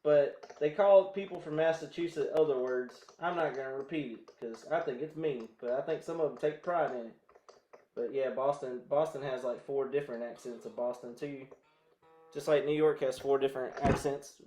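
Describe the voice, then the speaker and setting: A man's voice: medium pitch, moderate pace, mellow. A man with a Southern American accent chatting in a rambling way to viewers while he restrings a guitar. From southern United States. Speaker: guitar vlogger.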